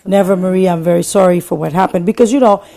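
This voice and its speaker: A woman interviewer asking questions and prompting with soft acknowledgments. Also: fairly low pitch, quick pace, vocal fry.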